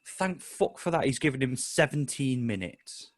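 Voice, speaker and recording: Co-hosting a laid-back football podcast, a Mancunian man tells stories full of swearing and jokes. His voice is mid-range and expressive, and he talks at a normal speed.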